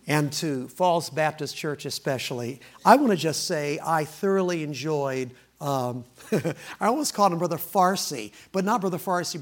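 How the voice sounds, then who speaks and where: A middle-aged man, preaching as a guest and joking with the congregation. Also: a little high. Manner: folksy, joking, laughing between lines. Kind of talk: sermon with joking opening remarks.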